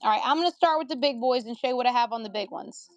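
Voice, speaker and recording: Woman, country accent, livestream seller, jokey and chatty with viewers, high voice. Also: rapid-fire, no echo, lo-fi sound. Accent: American country. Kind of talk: casual live sales chat.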